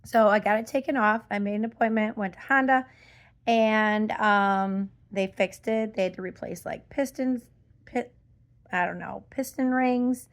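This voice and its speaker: Middle-aged woman vlogger, slow-paced, exasperated and rambling rant. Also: medium pitch. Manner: exasperated, rambling with many fillers. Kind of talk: casual ranting vlog.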